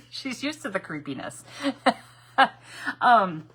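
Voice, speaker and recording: Streaming live from her craft room at home, a middle-aged woman talks easily with her audience, laughing a lot and welcoming people by name. Her voice is on the high side, sing-song, a bit bright and slightly rough, and she speaks slowly.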